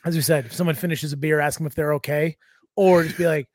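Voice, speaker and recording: A man co-hosting a podcast in casual chat, animated and swearing, full of fillers and silly voices. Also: a little high, fast talker, dry recording, studio quality. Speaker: podcast co-host.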